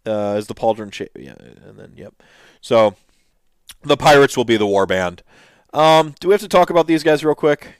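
Male host, casual commentary; smooth, resonant, dry; eager and rambling. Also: medium pitch, expressive, normal speed, no echo. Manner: enthusiastic, rambling with restarts and fillers. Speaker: host reacting to miniature reveals.

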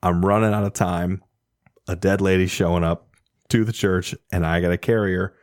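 A man with a low voice tells a rowdy story in casual conversation. He swears freely, keeps breaking into laughter and stays animated throughout. The sound is dry and close. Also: moderate pace, no room sound. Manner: animated, laughing often, profane. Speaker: storyteller guest.

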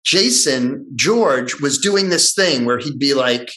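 A middle-aged man in casual conversation, telling a story in an animated way and acting out the voices of the people in it. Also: mid-range voice, slow, rough recording. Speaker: guest actor telling a story.

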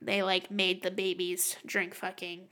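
A young woman co-hosting a podcast in casual chat, animated and swearing freely, often trailing off and restarting. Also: fairly low pitch, unhurried. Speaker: podcast co-host.

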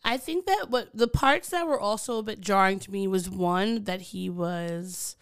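A woman's voice: mid-range voice, a little slow, clean tone, no room sound, clean studio sound. Chatty, hesitant woman. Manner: chatty, hesitant with many fillers. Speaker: podcast co-host. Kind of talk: casual conversation.

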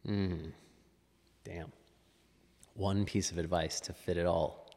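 A man's voice: low voice, little pitch movement, takes it slowly, warm tone, long reverb tail. A man who is a fitness coach, chatting as a podcast guest in a musing, restarting way. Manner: musing, with frequent restarts and laughs. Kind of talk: casual interview chat.

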